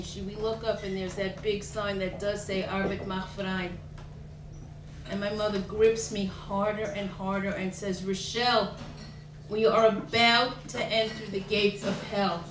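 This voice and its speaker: A woman telling a personal story to an audience in a vivid, animated present-tense way. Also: mid-range voice. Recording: roomy, distant, noisy room.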